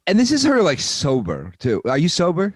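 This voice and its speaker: A man co-hosting a podcast in casual chat, dropping wry, deadpan quips. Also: a little high, normal speed, no echo, studio quality. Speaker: podcast co-host.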